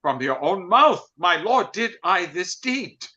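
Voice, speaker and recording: A man's voice: high-pitched, very animated, takes it slowly, bright, forceful tone, exaggerated voice. A man reading the part of Exton, a murderer presenting a coffin to the king, in a Shakespeare read-through over a video call. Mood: solemn. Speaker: volunteer reader. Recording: dull lo-fi video call audio.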